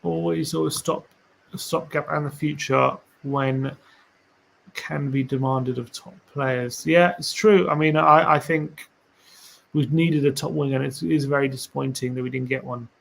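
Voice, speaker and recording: A man's voice: mid-range voice, fairly even intonation, measured pace, creaky. A man hosting a casual live stream for a fan channel, reading tweets aloud, musing and rambling with rhetorical questions to viewers.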